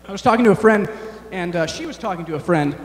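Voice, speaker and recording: Rambling young man doing stand-up, high voice. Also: lively intonation, roomy sound, big-room sound. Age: young adult. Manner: rambling, self-deprecating, halting with many fillers. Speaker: stand-up comedian. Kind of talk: stand-up comedy set. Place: large chapel hall on stage.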